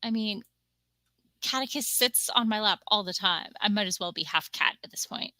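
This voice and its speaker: A chatty woman hosts a relaxed livestream from her home desk, bright and forceful in tone. The sound is close and dry. She is playful and now and then drops into a quiet aside. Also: mid-range voice, brisk, dry recording, rough recording. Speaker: stream host. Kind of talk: casual chat.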